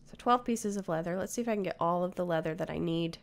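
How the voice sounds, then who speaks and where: A woman's voice: fairly low pitch, fast, gravelly. A woman giving casual running commentary as she plays a video game, talking to herself as she goes. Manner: chatty, talks to herself while playing. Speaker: Minecraft player.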